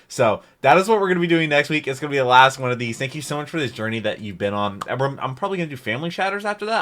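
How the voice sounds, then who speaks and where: Fast-talking, lively reaction host. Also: male voice, medium pitch. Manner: excitable, laughs often. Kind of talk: casual reaction commentary.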